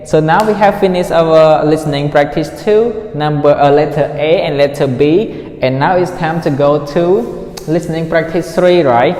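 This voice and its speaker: A man's voice: a little high, moderate pace, darkish tone. A male English teacher running a listening lesson, repeating words to drill pronunciation and checking in with "right?" after each point. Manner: asks the class frequent "right?" checks. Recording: echoey room with long reverb.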